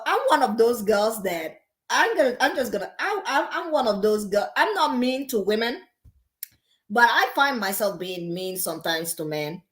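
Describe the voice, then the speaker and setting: A woman hosting a reaction video, giving sassy, emphatic casual commentary and laughing often. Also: high-pitched.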